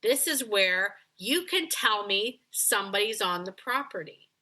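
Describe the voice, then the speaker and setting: A woman's voice: medium pitch, expressive, unhurried, sharp tone. A woman dog behavior coach on a coaching call, talking animatedly and acting out the voices of dogs and owners.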